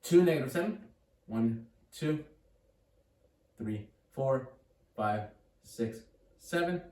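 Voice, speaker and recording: A man's voice: mid-range voice, lively intonation, takes it slowly, a little mellow. Upbeat man tutoring math in an echoey room. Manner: upbeat, encouraging, thinks aloud with restarts. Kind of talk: casual whiteboard math lesson. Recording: echoey room, mic at a distance.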